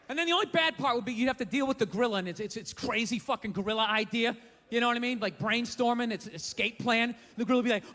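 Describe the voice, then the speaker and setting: A man's voice: extremely high pitch, fast, bright, forceful tone. A male stand-up comedian from the USA, ranting in an exasperated, profane way. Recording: large hall reverb, faint room noise.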